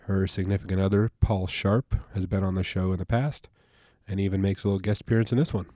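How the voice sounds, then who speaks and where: A man's voice: sits low, steady tone, quick pace, dark tone, dry recording, studio quality. A man hosting a podcast, talking in a laid-back, casual way with a stuffed-up nasal voice from allergies. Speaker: podcast host. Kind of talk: casual podcast intro and chat.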